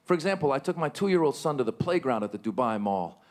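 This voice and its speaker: A man of Middle Eastern origin performing a stand-up comedy set on a live stage, animated and jumping to excited squeals on punchlines. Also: mid-range voice, fast. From Middle East.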